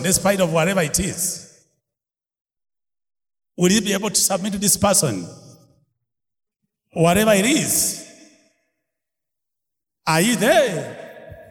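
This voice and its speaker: Lively, slow-paced male preacher. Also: high-pitched. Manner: animated, laughing, calls out questions to the congregation. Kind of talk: sermon. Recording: long hall reverb.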